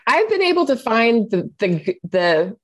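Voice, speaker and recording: A woman's voice: a little high, very animated, a little slow. A middle-aged woman talking as a podcast guest, candid and reflective, often searching for her words. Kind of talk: personal storytelling in conversation.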